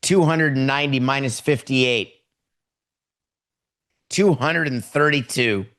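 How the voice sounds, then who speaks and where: A man's voice: medium pitch, takes it slowly, a bit bright. A middle-aged man hosting a sports podcast, giving opinionated commentary with heavy sarcasm and mock dialogue. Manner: sarcastic, acts out mock phone calls. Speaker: podcast host.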